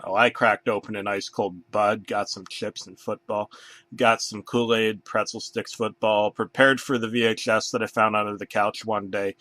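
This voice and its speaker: A man narrating a comedic horror story in a deadpan, crude manner. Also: fairly low pitch, no echo.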